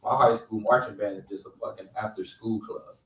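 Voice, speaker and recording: A man's voice: fairly low pitch, fairly even intonation, brisk, a bit bright, a little hiss or hum. A middle-aged man from California co-hosting a casual roundtable and talking bluntly with plenty of profanity. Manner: blunt, profane, emphatic storytelling. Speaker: podcast co-host. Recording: roomy, distant mic.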